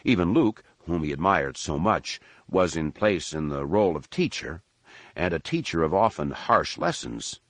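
A man with a very deep voice narrates a novel. His pitch moves a lot through the sentences, and his delivery is measured and expressive. The sound is dry and close, with no room audible. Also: no echo. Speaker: audiobook narrator. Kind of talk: scripted narration.

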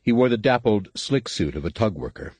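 A low-voiced man narrates a science-fiction audiobook from a script, keeping his reading measured and steady. His tone is slightly rough, and the dry recording carries no room sound or echo.

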